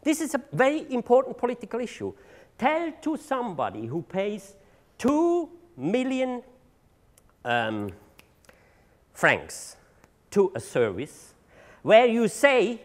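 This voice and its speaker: Middle-aged man, conference speaker, high voice, swinging intonation, halting, repeats words. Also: wildly swooping pitch. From Switzerland. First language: German. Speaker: drug treatment agency leader giving a seminar talk. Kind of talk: conference presentation. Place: seminar room.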